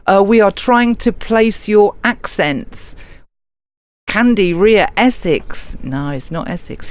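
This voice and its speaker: A woman's voice: mid-range voice, smooth. Older English woman, live show host, reads comments aloud and answers with easy teasing chat. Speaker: radio show host reading listener messages.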